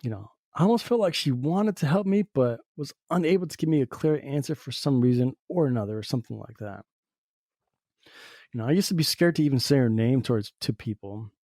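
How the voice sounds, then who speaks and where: Brisk and lively in his intonation, this man's medium-pitched, mellow voice comes through in studio quality without echo. The Southern Oregon podcast host rambles through a personal reflection, saying "you know" constantly.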